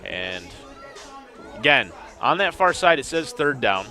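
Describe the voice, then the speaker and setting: A man's voice: medium pitch, big pitch swings, measured pace, sharp tone, faint music behind, a faint crowd. A man calling a semi-pro football game play by play, with dry, wry asides about confused officiating. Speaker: play-by-play commentator. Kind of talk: sports commentary.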